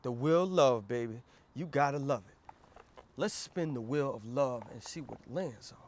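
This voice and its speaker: A man hosting a comedic movie review vlog, animated and profane, breaking into quick comic skits. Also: medium pitch, slight background noise.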